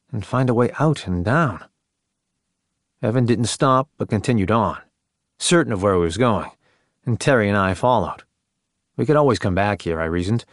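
A man reading a first-person story in a measured, subdued way. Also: mid-range voice, no room sound, clean studio sound. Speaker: narrator. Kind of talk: first-person audiobook narration.

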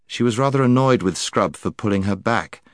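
A man narrating a children's storybook in a low, deep voice. His telling is measured and expressive, and the recording is dry and close with no room sound. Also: dry recording. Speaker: audiobook narrator. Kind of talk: scripted narration.

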